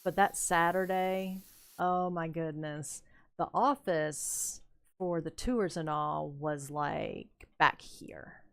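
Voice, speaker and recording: An older woman streaming a building game, telling rambling, unhurried stories about her youth with plenty of fillers and chuckles. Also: deep voice, a bit bright. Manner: rambling, unhurried anecdotes with frequent fillers and laughs. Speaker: gaming streamer. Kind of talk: casual storytelling while building in a game.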